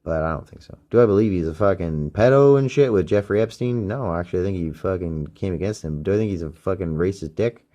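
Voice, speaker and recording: A man's voice: low-pitched, fast talker, few pauses, warm tone, highs cut off. A man hosting a solo podcast, rambling and ranting with heavy swearing, recorded on a phone used as a microphone. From Canada. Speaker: podcast host.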